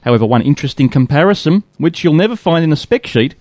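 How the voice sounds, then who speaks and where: A man co-hosting a casual tech podcast, reading listener letters aloud in a steady, even way. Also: a little high, fast, no echo, studio quality.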